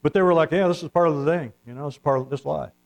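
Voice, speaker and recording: A man's voice: fairly high pitch, racing, gravelly, low-quality recording. A man preaching a sermon, retelling a scripture story in his own words and asking his listeners "amen?". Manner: retells scripture with acted-out quotes, calls "amen?".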